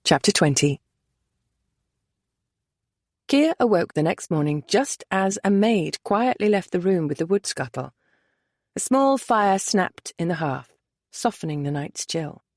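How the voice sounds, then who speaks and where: A woman narrating a romance audiobook in a measured, expressive reading. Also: lowish voice, no room sound, clean studio sound.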